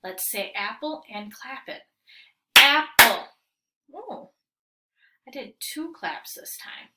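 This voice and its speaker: A young woman teacher giving a patient, drawn-out phonics lesson to young children. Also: on the high side, lively intonation, very noisy. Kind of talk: recorded early-grade phonics lesson.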